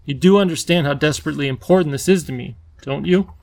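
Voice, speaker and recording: Guy doing a lispy bouncy creature king, higher than his normal voice, a bit gravelly, storybook style. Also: fast. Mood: pleading. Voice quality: lisping. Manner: excitable, bouncy, pleading. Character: lonely eager male Wangdoodle king creature.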